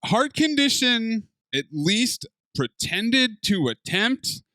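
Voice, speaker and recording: Bright, lively male co-host, dry sound. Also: very high-pitched, slow, no room sound, poor audio. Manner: boastful, playful. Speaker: podcast co-host. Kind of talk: casual chat.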